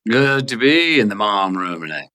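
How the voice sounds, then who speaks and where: A man talking as a podcast guest, answering in a reflective, measured way. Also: lowish voice, very animated, pushed and bright. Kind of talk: interview conversation.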